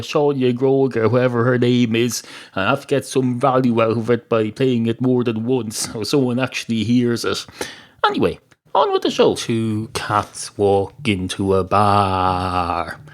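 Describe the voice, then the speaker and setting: Rambling man telling jokes. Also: medium pitch. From Ireland. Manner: digressive, self-interrupting, full of "uh"s. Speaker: podcast host. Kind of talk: rambling comic storytelling.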